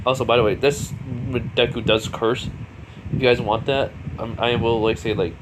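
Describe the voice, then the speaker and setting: A man's voice: medium pitch, steady tone, moderate pace, noisy background. A young man casually improvising a fan story, rambling with lots of fillers.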